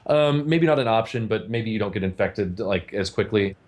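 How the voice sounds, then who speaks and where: Relaxed low-voiced man, rambling. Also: moderate pace. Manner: relaxed, rambling, lots of fillers. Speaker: game developer, stream host. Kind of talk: casual podcast chat.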